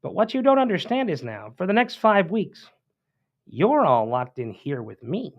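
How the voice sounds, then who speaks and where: A man putting on a high, slow, theatrical voice as an older male state senator. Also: very animated, dull audio, exaggerated voice. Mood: mock menacing.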